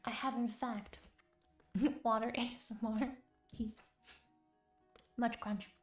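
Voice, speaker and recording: Lady streamer doing whispered role-play, giggly soft chat, bit high voice, roomy sound w faint music. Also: steady tone, slow pace.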